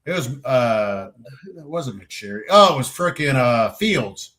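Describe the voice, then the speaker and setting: A man's voice: mid-range voice, measured pace. A middle-aged man telling service stories in a casual podcast chat, rambling and swearing freely as he acts out what others said. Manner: animated storyteller who swears freely and acts out what people said; rambling, with frequent restarts and "you know". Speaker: podcast crew member.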